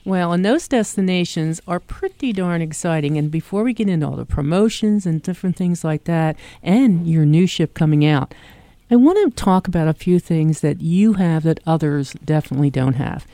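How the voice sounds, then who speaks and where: Chatty South Jersey woman, low and mellow. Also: lively intonation, normal speed, no echo. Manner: enthusiastic, chatty. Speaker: radio show host, travel agent. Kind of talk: casual radio chat.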